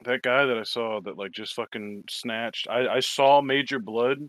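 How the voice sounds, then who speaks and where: A man's voice: mid-range voice, normal speed, fairly bright tone, no echo. Man ranting a rambling story. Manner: profane, rambling storytelling with quoted asides. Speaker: toy collector telling a story. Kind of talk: casual chat.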